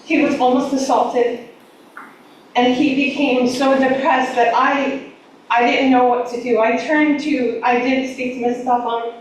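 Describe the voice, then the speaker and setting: A woman's voice: high-pitched, flat delivery, unhurried. A woman giving public comment as a parent, emotional, earnest and emphatic. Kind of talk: public comment at a school board meeting. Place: large echoey meeting room. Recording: echoey room audio with faint noise, from a distance.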